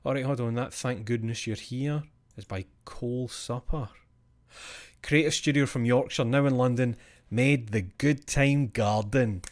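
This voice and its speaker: A man's voice: medium pitch, a little slow. A male streamer chatting casually after a live show, rambling, sweary and self-mocking.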